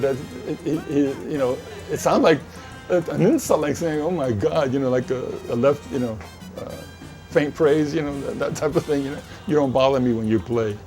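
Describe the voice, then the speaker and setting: A man in a documentary interview who talks haltingly, repeating words and laughing as he remembers. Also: fairly high pitch, warm tone.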